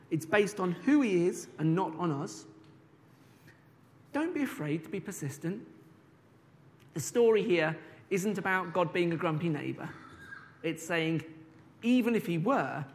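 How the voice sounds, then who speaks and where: Male preacher; high pitch, chatty sermon delivery with slow stressed words, reverberant hall. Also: lively intonation. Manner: conversational, drawn-out emphasis on key words.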